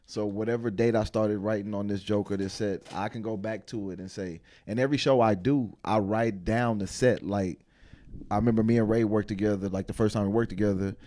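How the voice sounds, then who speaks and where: A man's voice: on the low side, fairly even intonation, brisk, warm tone. A man, a comedian on a panel, talking earnestly and emphatically in casual slang. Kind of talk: casual chat.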